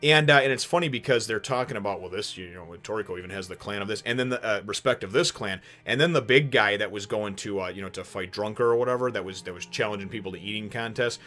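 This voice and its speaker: A man hosting a casual manga chapter review, rambling with many fillers and restarts and sudden animated bursts. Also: lowish voice, fast, hardly any pauses, faint music behind.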